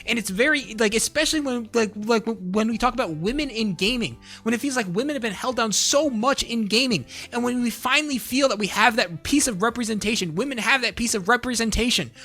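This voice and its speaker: A streamer in a heated, profane live-stream rant, full of restarts and repeated words, at times rising to shouts. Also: mid-range voice, fairly quick, few pauses, faint music behind. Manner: rises to shouting when angry.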